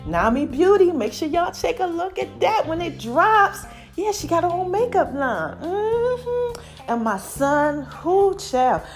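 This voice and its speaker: A high-pitched woman in her forties hosts her own podcast in a chatty, animated monologue. She talks straight to her listeners, calling them "y'all" and "baby". Faint music plays behind her voice. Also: takes it slowly. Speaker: podcast host. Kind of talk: casual monologue.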